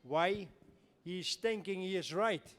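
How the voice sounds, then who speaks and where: A man co-presenting at a seminar, explaining points in a measured way with non-native phrasing. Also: high voice, a bit bright. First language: not English. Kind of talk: explaining to an audience. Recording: echoey hall with faint noise.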